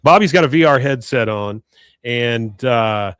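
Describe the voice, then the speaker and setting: A man's voice: medium pitch, lively intonation, measured pace, a bit bright, smooth, no room sound. A man hosting a podcast, recapping an episode in a casual, rambling way with lots of hesitation. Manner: rambling, hesitant, fond of fillers. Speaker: podcast host. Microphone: podcast mic.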